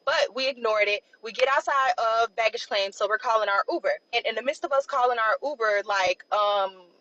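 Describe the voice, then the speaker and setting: A young woman casually telling a personal story, loose and chatty, full of "like" and quick asides. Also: on the high side, bright, forceful tone, dull audio. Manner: chatty, loose, peppered with "like" and "blah, blah".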